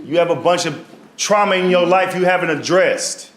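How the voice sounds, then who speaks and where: A man's voice: fairly bright tone, reverberant. A comedian putting on a bossy old doctor lady. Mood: lecturing. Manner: blunt, scolding, drawn-out high delivery. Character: brash older woman doctor on a video call, blunt and bossy. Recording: live audience laughter.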